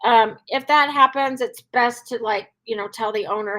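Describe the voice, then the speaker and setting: Woman dog trainer on a live q&a, chatty with lots of ums, voice a bit high. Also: moderate pace, sharp tone. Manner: chatty, many fillers, acts out cheerful cues. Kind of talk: live Q&A advice.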